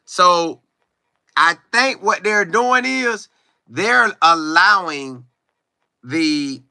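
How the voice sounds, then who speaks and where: Lively, bright-voiced man chatting with viewers. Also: high voice, extremely slow, vocal fry, smooth, no room sound, clean studio sound. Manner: animated, chatty, sings and riffs, reads viewer comments aloud. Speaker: sports commentary streamer. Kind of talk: casual live-stream chat.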